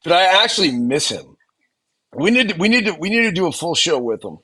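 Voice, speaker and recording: A man's voice: high-pitched, sing-song, brisk, sharp tone. A man co-hosting a casual baseball talk show, loose and laughing, stumbling over his words and swearing. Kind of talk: casual chat.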